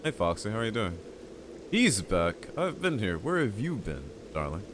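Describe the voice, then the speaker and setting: A man with a low, deep voice chats loosely with his viewers as he plays through a game, his nose a little stuffed up. He rambles, then bursts out loudly when something happens on screen. Game sounds sit clearly in the background. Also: moderate pace, noisy background. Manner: chatty, talks to chat, loud excited outbursts. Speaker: game streamer. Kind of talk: casual let's-play commentary.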